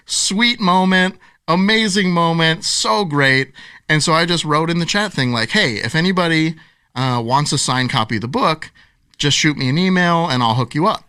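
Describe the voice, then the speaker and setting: An animated storyteller in his forties, a man whose voice swoops widely as he acts out quotes. His tone is bright and forward, and the recording is dry and close. He laughs easily as a guest in a relaxed interview. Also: fairly high pitch, brisk, dry recording. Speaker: podcast guest, author and speaker.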